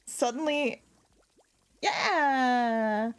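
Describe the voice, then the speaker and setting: A woman's voice: high voice, extremely slow, smooth. A woman from Europe chatting casually on a gaming stream, telling rambling stories with lots of fillers and giggles. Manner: rambling, filler-heavy storytelling with frequent giggles.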